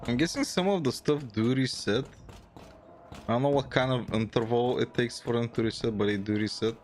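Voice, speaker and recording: A man's voice: mid-range voice, brisk, a little mellow. A man streaming a video game, chatting casually and thinking aloud as he plays. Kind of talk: casual gameplay commentary.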